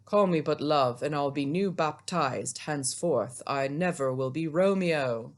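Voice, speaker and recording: A woman's voice: low voice, measured pace. A woman reading as dreamy young Romeo. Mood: dramatic.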